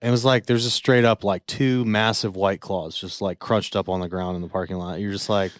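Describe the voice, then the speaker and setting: A man's voice: lowish voice, steady tone, brisk, no echo, studio quality. A man co-hosting a podcast, chatting casually in a rambling, filler-heavy way. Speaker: podcast co-host. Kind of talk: casual chat.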